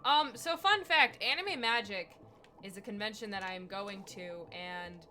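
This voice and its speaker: A woman's voice: medium pitch, unhurried, sharp tone, a little hiss or hum. A young woman from the US Midwest chatting casually on a gaming live stream, rambling through stories and talking to game animals as she plays.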